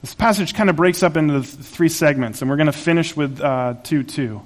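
In a church sanctuary, a pastor with a slightly high voice preaches to his congregation at a somewhat fast pace. His sermon is conversational and humorous, and he laughs at his own asides.

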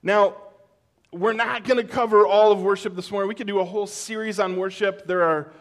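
Male pastor, 30s-40s, higher voice, conversational sermon delivery with easy laughs. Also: fast. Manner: conversational and animated, with laughs and fillers. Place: church sanctuary.

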